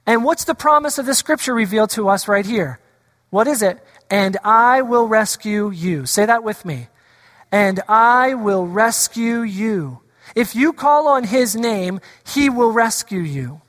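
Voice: mid-range voice, fairly bright tone. Pastor preaching in a reverberant sanctuary. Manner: asks the congregation rhetorical questions; acts out quoted voices of scripture. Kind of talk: sermon. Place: church sanctuary.

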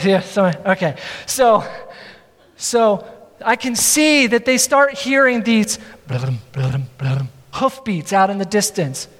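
A male pastor preaches a sermon in a very high, light voice that rings out with a long hall reverb. His delivery is earnest, and he stretches out the key words for emphasis, with wry self-deprecating asides to the congregation. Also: fairly bright tone.

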